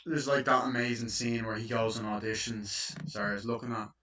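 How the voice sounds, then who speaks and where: A man's voice: mid-range voice, flat delivery, a little fast, bright, forceful tone, slight background noise. A man giving a casual, rambling spoken film review, full of fillers and swearing. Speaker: movie reviewer. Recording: dull lo-fi recording.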